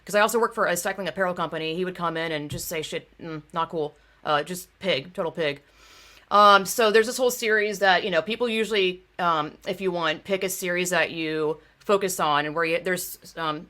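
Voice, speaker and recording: A young woman hosting a casual talk show, blunt and profane, swinging from quiet asides into outraged rants. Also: on the low side, moderate pace. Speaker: host. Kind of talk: casual podcast chat.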